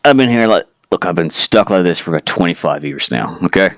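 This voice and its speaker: Brief: man playing a gravelly cursed fifty-something man, very deep and smooth, exasperated and weary. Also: expressive, brisk, fairly bright tone, no room sound. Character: gruff 51-year-old cursed man in a girl's body.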